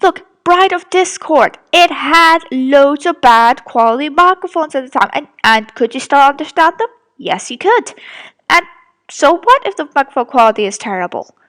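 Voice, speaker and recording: A woman's voice: high voice, expressive, moderate pace, a bit bright. A young woman from Britain rambling defensively about criticism of her fan audio drama, with many restarts. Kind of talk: casual rant to camera.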